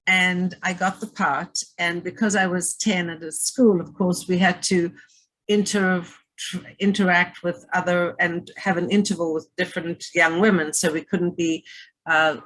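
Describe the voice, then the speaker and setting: A woman from South Africa with a fairly low voice speaks as a guest at an online event. She thanks her hosts effusively and tells her story in a rambling, gracious way. She is heard through a computer mic on a video call. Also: steady tone, measured pace, fairly bright tone, low-quality recording. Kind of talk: storytelling in a presentation.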